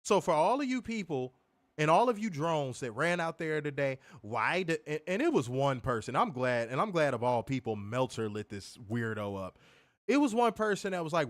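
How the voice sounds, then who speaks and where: A man's voice: on the high side, sing-song, moderate pace. A man co-hosting a wrestling podcast, ranting heatedly with plenty of profanity in a casual, fired-up way.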